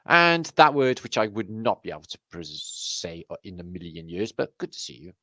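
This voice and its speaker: Welsh male livestream host, lively swooping delivery, loose sweary banter, dry close mic. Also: sits low, normal speed, no room sound. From Wales. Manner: chatty, swears freely, jokey banter. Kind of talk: casual livestream chat greeting viewers.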